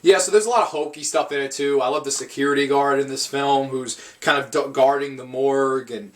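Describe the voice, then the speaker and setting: A man's voice: medium pitch, fairly even intonation, brisk. A man giving a casual, rambling film review, swearing often and restarting his sentences. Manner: rambling, profane, frequent restarts.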